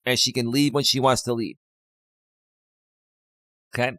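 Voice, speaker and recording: A man's voice: medium pitch, flat delivery, measured pace, a bit bright, no echo. An impassioned man talks on his live stream as a life coach, preaching and repeating his points. His voice sits mid-range for a man. The sound is dry and close, with no room in it.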